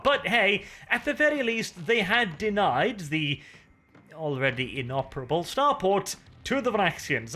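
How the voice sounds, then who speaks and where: A man's voice: fairly high pitch, sharp tone. A man narrating lore with dry, cynical asides and casual swearing.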